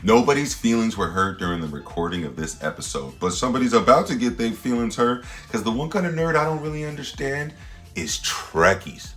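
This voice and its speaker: A man, a standup comedian hosting his own show, rambling through a slangy, playful comedic monologue with sudden loud jumps. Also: medium pitch, lively intonation, brisk, faint music behind.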